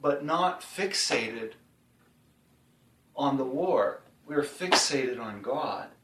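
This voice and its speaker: A man hosting a casual faith discussion, talking in a rambling, animated way and laughing easily. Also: mid-range voice, slow, background noise. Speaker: host. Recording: roomy sound, mic at a distance.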